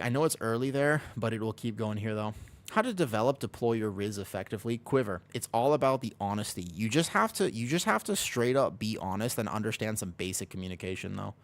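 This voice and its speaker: A man streaming casually from home, rambling and joking about himself while reading his chat. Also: medium pitch. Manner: rambling, self-deprecating, reads chat aloud. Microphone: desk microphone.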